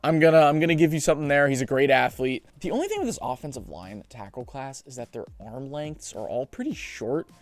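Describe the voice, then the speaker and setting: A young man hosting a sports show, giving chatty, animated mock draft commentary with joking asides. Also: medium pitch, a little fast, hardly any pauses, soft background music.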